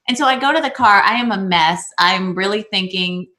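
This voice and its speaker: Bright-voiced woman telling stories. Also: mid-range voice, fairly quick, few pauses. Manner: animated storyteller, acts out quotes. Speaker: guest. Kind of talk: casual video call chat. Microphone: video call.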